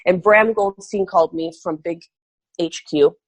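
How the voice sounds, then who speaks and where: A woman's voice: on the low side, a little slow, dry recording. A woman guest on a podcast, telling a story animatedly and acting out quoted dialogue. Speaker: guest artist.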